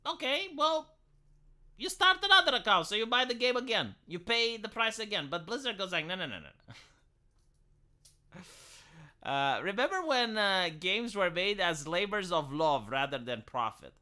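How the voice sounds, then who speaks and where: A man holds forth on his live stream in a sharp, bright voice. His pitch leaps around as he rambles, tosses off sarcastic asides and swears without a second thought. It sounds like loose, opinionated late-night chat. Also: big pitch swings, moderate pace.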